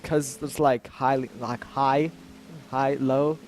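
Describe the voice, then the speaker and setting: A man's voice: medium pitch, steady tone, takes it slowly, darkish tone, no echo. A man hosting a casual let's play, joking and laughing as he reads the game's dialogue aloud. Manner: jokey, laughing, self-interrupting. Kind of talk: casual game commentary.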